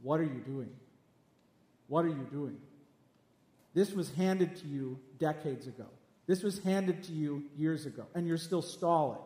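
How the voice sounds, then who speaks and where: A man preaches with a high, ringing voice, hammering home his points by saying them again and again straight at his listeners. He is recorded in a large hall or church, and a long, roomy reverb trails every phrase. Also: measured pace, dark tone. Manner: emphatic, repeats lines, speaks straight at listeners. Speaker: pastor. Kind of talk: sermon.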